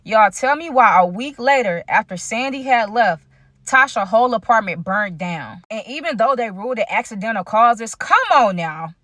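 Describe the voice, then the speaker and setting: A woman telling a story in a casual, animated vlog style, chatting straight to her viewers. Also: fairly high pitch, moderate pace, no echo. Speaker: storytime vlogger.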